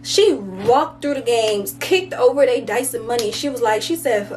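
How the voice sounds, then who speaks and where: A woman's voice: a little high, expressive, moderate pace, few pauses, darkish tone, slight background noise. A woman telling a casual storytime, rambling and slangy, full of fillers like "like" and "you know". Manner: slangy and conversational. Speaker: vlogger.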